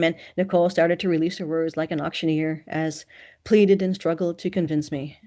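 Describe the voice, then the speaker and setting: A woman narrating a first-person novel in an even, measured reading voice. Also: low-pitched. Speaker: audiobook narrator.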